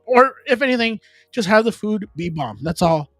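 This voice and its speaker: A man's voice: sits high, expressive, brisk, no echo. A man, chatting casually as a live stream host, rambling loosely with slang and Spanish asides. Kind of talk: casual chat.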